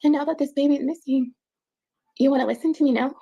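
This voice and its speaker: A woman giving an emotional personal account in an interview, halting and repeating words as she speaks. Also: high voice, steady tone, vocal fry, mellow, poor audio.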